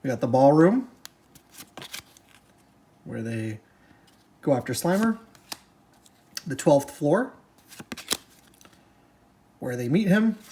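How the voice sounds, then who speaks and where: A chatty person shows off a board game piece by piece in easygoing, upbeat commentary, with a medium-pitched voice. The talk stops and starts and keeps correcting itself, and cards shuffle in the background. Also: sing-song, warm tone, a little hiss or hum. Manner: chatty, halting, self-correcting; upbeat, easily delighted. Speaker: board game unboxing presenter. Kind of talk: casual unboxing commentary.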